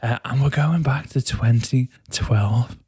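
A man's voice: medium pitch, takes it slowly, warm tone, slightly rough, no echo, studio quality. A man hosting a podcast, chatting casually with enthusiasm and jokes. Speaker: podcast host. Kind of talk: casual chat.

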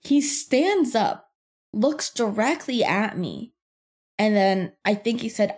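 A young woman podcast host telling a workplace story in casual chat, animated and profane, with lots of fillers and frequent laughter. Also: mid-range voice, measured pace. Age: young adult.

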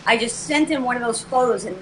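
A woman guest on a talk show telling a personal story in an animated way, acting out both sides of the dialogue. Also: on the high side, quick pace, slight background noise, poor audio.

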